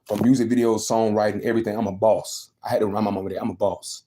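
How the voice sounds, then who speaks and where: Young man, quick emphatic livestream rant, low and warm. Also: level tone. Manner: venting, emphatic, repeats himself. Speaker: livestreaming vlogger.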